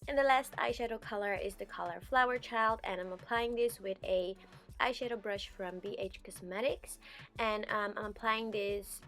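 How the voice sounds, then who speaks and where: A woman's voice: medium pitch, a bit bright. Chatty woman narrating a makeup tutorial. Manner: chatty, with frequent ums. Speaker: beauty vlogger.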